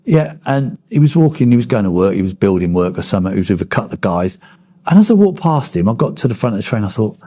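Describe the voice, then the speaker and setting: Former miner, 50s, blunt storyteller, low husky voice. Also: male voice, big pitch swings, fast talker, dark tone. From Kent, England. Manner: blunt storytelling, swears freely. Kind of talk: oral history interview.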